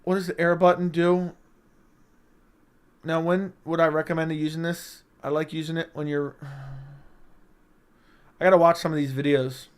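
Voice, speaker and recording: A young man hosting a casual livestream from a room at home, talking close into a studio mic, joking and crude, with sudden loud bursts. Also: a little high, little pitch movement, moderate pace, pauses often, clean tone. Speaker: livestream host. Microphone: close studio mic with audio interface.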